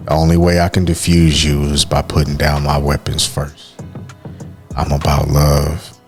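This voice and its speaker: A man's voice: very deep voice, completely flat delivery, a little slow, soft background music. A man co-hosting a podcast, speaking candidly and heartfelt about his life, often saying "man". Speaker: podcast co-host. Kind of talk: candid personal talk.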